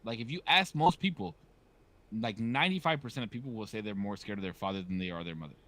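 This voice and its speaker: A man in his thirties with a lowish voice talks fast while hosting a casual podcast conversation. He's an animated storyteller who acts out quoted dialogue.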